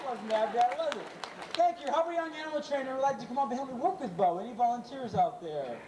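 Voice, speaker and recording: A man hosting a live animal show, playful and jokey, calling quick commands to a dog and teasing a volunteer. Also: very high voice, animated. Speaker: animal trainer and show host. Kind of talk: live stage show patter. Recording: echoey, distant, crowd noise, amateur camcorder. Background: audience cheers and laughter.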